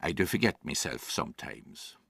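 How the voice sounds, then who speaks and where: A man's voice: extremely low pitch, very animated, moderate pace, vocal fry, fairly bright tone, no room sound, full character voice. An actor playing an older Irish grandfather and former farmer who tells his story in a wry, dry theatrical monologue. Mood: grim.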